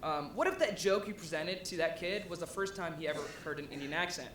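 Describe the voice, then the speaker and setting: A man's voice: expressive, brisk, a bit bright. A young man from Ohio giving a casual presentation to an audience, talking conversationally with lots of ums and likes. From USA (Ohio). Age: young adult. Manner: conversational, with frequent ums and likes and rising asides. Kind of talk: casual live presentation talk. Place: event venue before an audience. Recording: echoey room with faint rumble.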